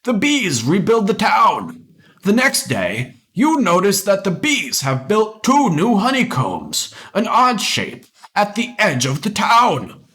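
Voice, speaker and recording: A young man reading an AI-written story aloud, amused and animated. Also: high-pitched, takes it slowly. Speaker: reader.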